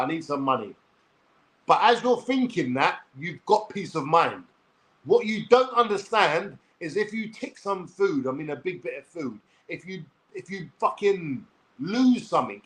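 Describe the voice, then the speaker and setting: A man's voice: fairly high pitch, a bit bright, poor audio. A man in his forties with a London accent, talking bluntly to camera and swearing freely as he addresses his viewers. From England. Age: 40s. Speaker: online personality. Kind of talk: rambling talk to camera.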